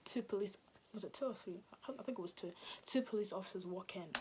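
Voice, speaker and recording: A woman vlogger tells a casual storytime at a quick pace in a medium-pitched voice, with a little hiss or hum. She's animated, acting out quotes and dropping into whispers.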